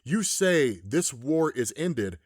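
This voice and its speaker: This is a menacing, possessed godlike male monster, as a man puts him on, reading comic lines aloud. He drags each word out slowly in a lowered voice and sneers with calm contempt. The sound is dry and close. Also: no room sound. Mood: taunting.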